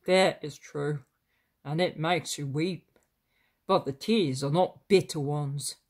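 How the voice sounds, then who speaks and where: A woman voicing a gentle, welcoming male teacher. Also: sits low, takes it slowly. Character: calm, kindly male teacher, gentle leader.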